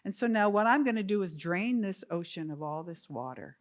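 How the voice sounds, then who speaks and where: A woman's voice: medium pitch, expressive, a little fast, natural voice. A woman voicing a grieving mother squirrel in a told story, stubborn and defiant. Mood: indignant.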